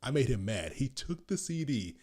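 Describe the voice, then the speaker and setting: A man's voice: medium pitch, sing-song, moderate pace, crowd noise. A man in his thirties co-hosting a podcast, telling a rambling story with laughs and repeated words. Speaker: podcast co-host. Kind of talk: casual storytelling chat.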